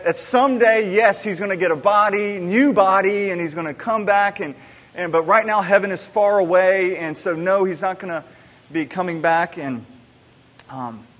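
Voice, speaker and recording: A man's voice: sits high, normal speed, a bit bright. A man in his thirties preaching a sermon, telling stories in a loose, conversational way with many restarts. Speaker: pastor. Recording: long hall reverb.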